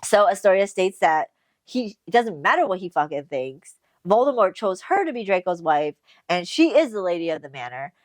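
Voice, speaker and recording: Woman podcast co-host, casual recap, lively and profane, dry booth. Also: fairly low pitch, normal speed, no room sound. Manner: animated retelling, swearing and laughing often. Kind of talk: casual book recap chat.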